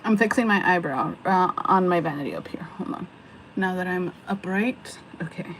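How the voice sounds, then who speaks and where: A woman's voice: on the low side, moderate pace, noisy background. A young woman chatting casually on a livestream while she does her makeup at home, rambling, laughing often and swearing. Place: home, at a vanity mirror.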